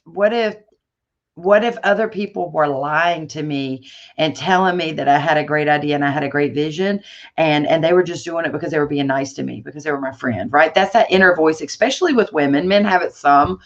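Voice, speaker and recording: A woman being interviewed, telling her story in a lively, conversational way with many fillers and restarts. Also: low voice, fairly quick, highs cut off. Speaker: guest entrepreneur.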